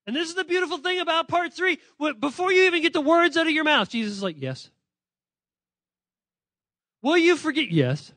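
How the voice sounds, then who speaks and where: A man with a notably high voice gives an animated sermon to children and students. He is playful, calls out to listeners directly and often corrects himself mid-sentence. The sound is dry and close, with no room echo. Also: fast talker, hardly any pauses. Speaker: pastor speaking to children and students. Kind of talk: lively sermon addressed to kids.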